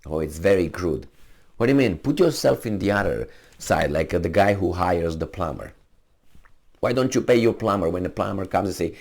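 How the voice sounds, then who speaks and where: A man's voice: low-pitched, sing-song, moderate pace, vocal fry, darkish tone. A man hosting his own channel, delivering an argumentative opinion monologue to camera and acting out imagined exchanges.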